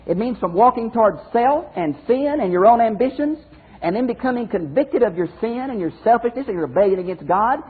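A man's voice: high voice, breathy edge. A man teaching as a pastor in a Bible study lecture, emphatic, repeating phrases and speaking straight to his listeners. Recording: phone-like narrow band audio.

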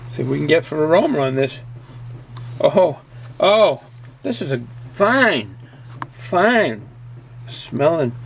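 A man's voice: on the high side, creaky, a little hiss or hum. A middle-aged man with a Boston accent chatting casually through a beer review, rambling and folksy and often repeating himself.

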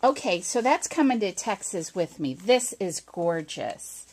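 A middle-aged woman vlogger opening a package on camera, chatting casually and gushing with excitement. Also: medium pitch, a little slow, hardly any pauses, breathy edge. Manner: gushing and excitable, with squeals of delight. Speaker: crafting vlogger. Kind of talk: casual unboxing chat to camera.

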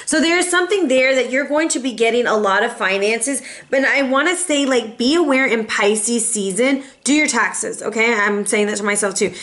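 Woman tarot reader, casual and sassy, fairly high voice, chatty home reading. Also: normal speed, hardly any pauses, a bit bright. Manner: chatty, sassy, addresses viewers as boo and y'all.

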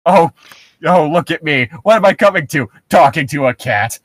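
Flustered male software developer, read by a man in a plain read-aloud voice with a lively pitch. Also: normal speed. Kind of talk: reading a novel aloud.

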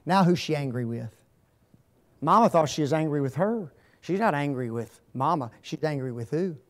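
A man's voice: a little high, expressive, moderate pace. A man speaking as a guest at a marriage seminar, asking the audience to fill in the blanks. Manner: asks fill-in-the-blank questions.

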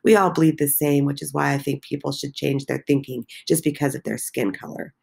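A woman reading the lines of a calm, sensible male bartender, taken from a student's script. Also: deep voice, fairly quick, creaky, slightly rough, full character voice. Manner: read plainly from a student's script.

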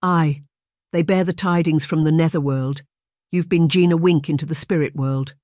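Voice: medium pitch, fairly even intonation, moderate pace, no room sound, studio quality, natural voice. An audiobook narrator voicing a shy young Scottish maid girl with a broad Scottish brogue. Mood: earnest. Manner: broad brogue, soft and plain.

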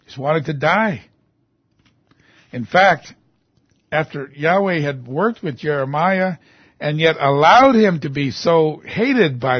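A man's voice: a little high, husky, no echo, lo-fi sound. A man preaching a sermon, reading scripture aloud and rising into emphatic outbursts.

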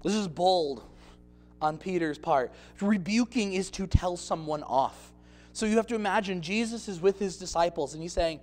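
High-voiced male pastor preaching. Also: normal speed. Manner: expressive preaching with acted-out scenes. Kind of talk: sermon.

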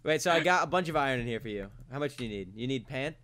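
A man's voice: medium pitch, expressive, quick pace, fairly bright tone. An American man chatting in an easygoing, goofy way while playing a video game. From United States. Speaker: gamer. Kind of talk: casual gaming chat.

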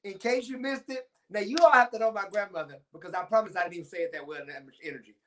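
A man's voice: high-pitched, animated, rapid-fire, fairly bright tone, slight background noise. A man, chatting to viewers on a church livestream and telling a childhood story. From Timpson, Texas. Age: 40s. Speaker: pastor. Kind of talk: casual livestream talk to viewers.

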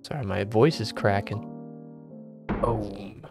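Laid back guy doing let's play commentary, slow and jokey, faint game music under him. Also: fairly low pitch, gravelly. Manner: playful, joking, talks to himself. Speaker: gaming video creator.

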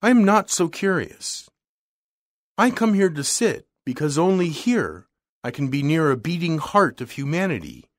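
A man's voice: on the high side, big pitch swings, unhurried, dry recording, studio quality, voice pushed up. A man voicing a wealthy, bored young woman who speaks in a cool, refined, weary way.

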